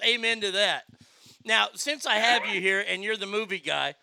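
Brash, gravelly-voiced man hosting. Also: high voice, moderate pace, pushed and bright, no room sound. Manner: brash, profane, joking. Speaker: host. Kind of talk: casual podcast banter.

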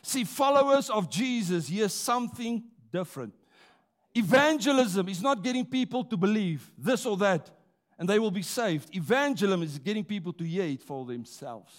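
A man's high voice, full of lively intonation, carries a stirring sermon through a church as he slows for emphasis and prompts the congregation to reply.

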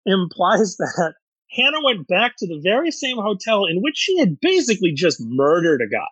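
This person speaks in a husky, slightly breathy voice, recorded close and dry. They ramble through a thought with frequent chuckles and casual swearing, as a guest from the show's creative team. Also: medium pitch, sing-song, moderate pace, fairly bright tone, no echo, low-quality recording. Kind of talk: casual interview chat.

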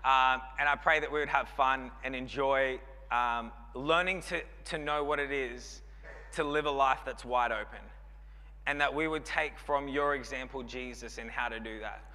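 Joking Australian pastor with a bright voice. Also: male voice, mid-range voice, fairly even intonation, moderate pace. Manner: chatty, joking, rambling with many fillers. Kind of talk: sermon. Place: church hall. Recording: long hall reverb.

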